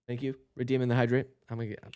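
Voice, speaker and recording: A hoarse man talking casually to a live-stream audience in rambling, self-deprecating asides. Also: medium pitch, level tone, racing, mellow.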